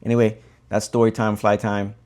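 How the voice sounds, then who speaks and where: A man from the Cayman Islands, a bonefish guide, telling a fishing story in a relaxed, conversational way while tying a fly. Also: on the low side, normal speed.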